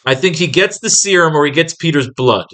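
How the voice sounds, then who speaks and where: A man's voice: a little high, expressive, brisk, pushed and bright. Profane, rambling man teaching comic writing. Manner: rambling, profane, acts out scenes. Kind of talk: casual comic-writing lesson.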